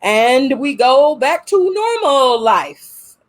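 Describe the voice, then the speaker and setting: Animated woman reviewing a movie. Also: high-pitched, slow. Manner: animated, acts out scenes in quoted voices. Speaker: podcast co-host. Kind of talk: casual movie review chat.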